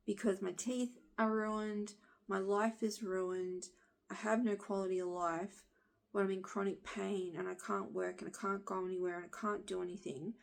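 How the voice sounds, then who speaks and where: A woman in her thirties with a husky voice, bluntly venting her frustration to the camera and swearing along the way. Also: medium pitch, darkish tone. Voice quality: husky smoker-like voice. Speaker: vlogger.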